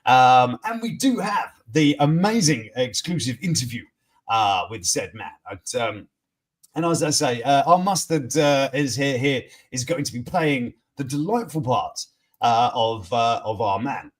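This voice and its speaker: A man's voice: mid-range voice, animated, measured pace. A man hosting a casual news stream, rambling with many fillers and restarts. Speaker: host. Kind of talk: casual live-stream chat.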